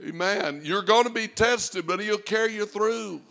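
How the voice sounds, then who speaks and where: A man preaching a fervent sermon, rising to shouts and dropping to a hush. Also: sits high, unhurried, vocal fry, hardly any pauses, a faint crowd. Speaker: pastor.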